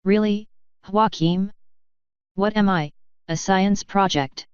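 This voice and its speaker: A man's voice: sits high, slow, clean tone, dry recording. A woman voicing a sardonic, grumbling human man with a dry, exasperated manner, in a dull lo-fi recording.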